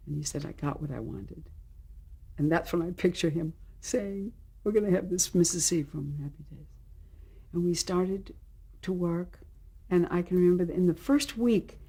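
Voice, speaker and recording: An older woman recounts an audition story in an archival interview clip. Her voice sits low, gravelly and a little husky. She tells it animatedly, slipping into the voices of the people she quotes. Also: a little mellow. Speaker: actress recalling a role.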